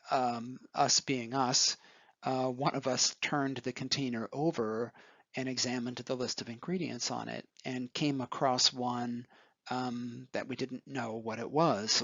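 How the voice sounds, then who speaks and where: A man's voice: medium pitch, a bit bright, dry recording, highs cut off. A man recalling his graduate school years while talking over photographs, hesitant, with frequent ums and restarts. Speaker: former graduate student. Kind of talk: recorded reminiscence over photo slides.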